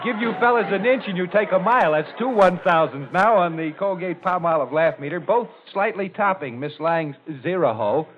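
A man hosting a 1940s radio comedy show with brisk, jovial emcee patter. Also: high-pitched, some chatter behind, slight background noise. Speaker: quiz show host. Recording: tinny 1940s radio with studio audience.

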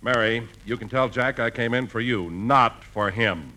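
A man's voice: medium pitch, unhurried, background noise. A man playing the announcer in a 1940s radio comedy, pouty and gushing.

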